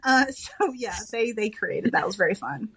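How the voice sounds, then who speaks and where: A woman's voice: medium pitch, expressive, normal speed, a loud crowd, rough recording. Woman romance author talking shop. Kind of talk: casual interview chat.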